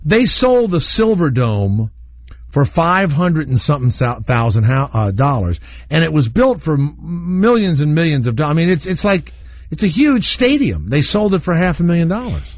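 A man's voice: fairly high pitch, very animated, normal speed, no room sound. A male radio show host talking casually, blunt and opinionated, with a rambling way of speaking.

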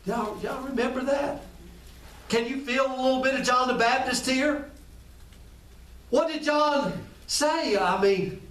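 A man's voice: very high voice, unhurried, long pauses, fairly bright tone. A man preaching a sermon as pastor, conversational, repeating phrases and speaking straight to his listeners. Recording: echoey room, distant from the mic.

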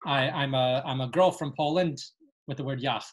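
A woman teaches an online webinar on Yiddish dialects, reading passages aloud and translating them. Her voice is rumbling low at a normal speed, captured through a video call microphone.

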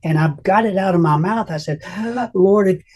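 An older man telling an emotional personal testimony as an interview guest, earnest and halting, often restarting his sentences. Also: a little high, a little mellow.

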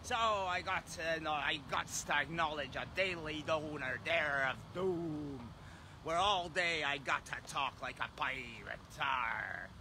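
A man's voice: on the high side, slow, pushed and bright, slight background noise, heavily acted. A man putting on a jokey pirate captain voice, growling "arr" in a playful, hammy way.

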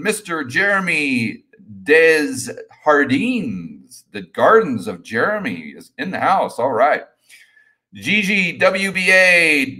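Energetic man hosting a live stream. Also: a little high. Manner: energetic, rambling, repeats words. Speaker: host. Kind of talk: live stream Q&A, casual chat.

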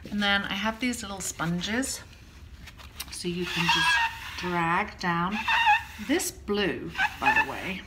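A woman's voice: fairly low pitch, noisy background. A woman hosting a casual art tutorial, chatting in a rambling way with frequent ums and self-corrections as she demonstrates at home.

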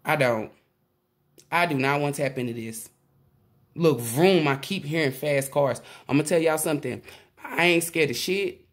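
Excitable, cursing woman reading tarot. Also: sits low, normal speed. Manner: excitable, profane, rambling with restarts. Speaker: tarot reader. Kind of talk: casual tarot reading to camera.

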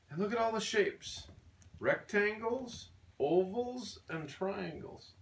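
A man's voice: high voice, expressive, slow pace, gravelly, distant mic, a little hiss or hum. An older man, a grandfather, reading a picture book aloud to a baby in a sing-song way, with playful animal noises.

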